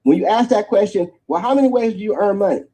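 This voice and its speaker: A man giving an energetic sales pitch for a network marketing business, checking in with his listeners after almost every point. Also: fast, poor audio. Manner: energetic preacherly pitch, tag questions after each point.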